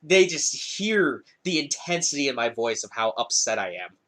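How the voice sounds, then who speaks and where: A young man with a medium-pitched voice talks at a moderate pace on his podcast. The conversation is casual, and he tells an animated story loaded with cursing.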